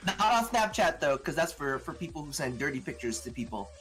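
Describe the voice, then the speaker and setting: A man's voice: a little high, very animated, fairly quick, fairly bright tone, faint music behind. A man co-hosting a charity game stream, joking and teasing in casual chat. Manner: joking, teasing, playful exclamations. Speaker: streamer co-host.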